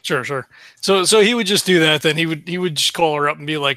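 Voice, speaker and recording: A man playing a tabletop game, quickly describing his character's actions in casual chat. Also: on the high side, sharp tone, dry recording. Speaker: player.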